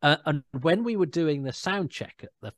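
A man's voice: a little high, lively intonation, moderate pace, dry recording, clean studio sound. A man chatting casually as a guest, telling anecdotes and quoting people in put-on voices. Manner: anecdotal, imitates people in quotes. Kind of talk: casual chat.

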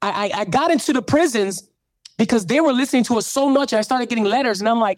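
A man's voice: very high voice, fast talker, no echo. A man hosting a radio show, telling his story in an interview with a preacherly lilt that builds to fervent calls. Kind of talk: animated testimony in an interview.

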